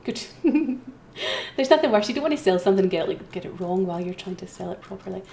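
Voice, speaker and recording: Woman auction host, chatty and self-mocking, echoey room, soft typing behind. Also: mid-range voice, expressive, fast, gravelly, slight background noise. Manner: chatty, self-mocking, repeats calls for bids. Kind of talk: live-streamed auction commentary. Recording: roomy echo, faint keyboard typing.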